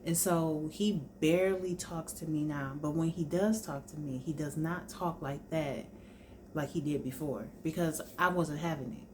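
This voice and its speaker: Low-voiced woman chatting casually. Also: normal speed, a little mellow, a little hiss or hum. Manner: chatty, informal storytelling, addresses viewers as y'all. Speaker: vlogger. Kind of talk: casual sit-down chat.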